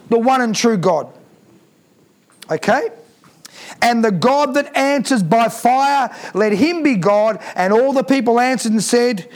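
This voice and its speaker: A man preaching a sermon, reading scripture aloud and breaking off to comment with emphatic repeated phrases and rhetorical questions. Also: extremely high pitch.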